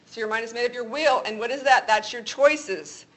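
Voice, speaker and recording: A woman's voice: a little high, normal speed, fairly bright tone, rough recording. A middle-aged woman co-hosting a Christian talk show, giving an earnest faith teaching and telling personal stories. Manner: earnest, testimony-style storytelling.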